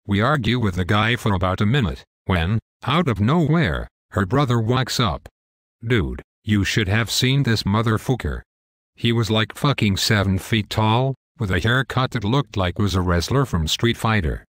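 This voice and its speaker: A man's voice: on the low side, lively intonation, moderate pace, fairly bright tone, no room sound, clean studio sound. A young man telling a wild story in a casual, profane, matter-of-fact way. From United States. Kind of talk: casual scripted story narration.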